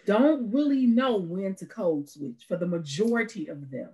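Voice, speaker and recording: A woman's voice: medium pitch, lively intonation, moderate pace, dark tone, rough recording. A woman speaking as an educator on a panel discussion, earnest and emphatic.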